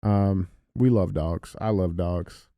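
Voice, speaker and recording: A man's voice: low-pitched, steady tone, takes it slowly, dry recording, lo-fi sound. Upbeat man co-hosting a podcast. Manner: agreeable, hypes the segment, reads headlines. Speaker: podcast co-host. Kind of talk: casual podcast chat.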